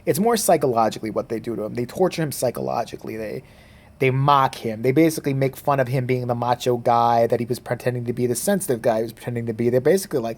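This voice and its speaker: Male reviewer, casual and profane, rambling delivery with fillers, mid-pitched voice. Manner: mimics characters in quick quoted voices. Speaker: movie reviewer. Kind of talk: casual spoken movie review.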